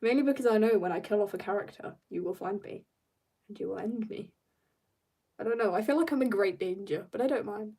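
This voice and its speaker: A woman's voice: mid-range voice, mellow, slightly rough, far from the mic. British teen girl streamer, chatty and giggly, talks while she draws, sits a bit off-mic. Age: teens. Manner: rambling, giggly, talks in quick bursts. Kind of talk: casual livestream chat while drawing.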